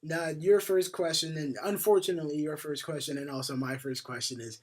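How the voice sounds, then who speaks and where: Co-hosting a casual podcast, a young man rambles on with frequent fillers and swearing, headphones on and speaking into a home podcast mic. His voice is a little high, his intonation fairly even, and he talks a little fast.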